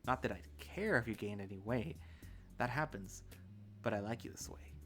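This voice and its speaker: A man voicing a big, brash male wolf who teases loudly in a story reading. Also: lowish voice, expressive, normal speed, faint music behind. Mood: affectionate. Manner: loud, laughing, playful.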